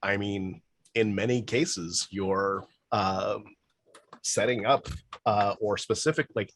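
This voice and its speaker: A man's voice: on the low side, slow pace, a bit bright, slight background noise. A man running a tabletop game as game master, casual and swearing freely.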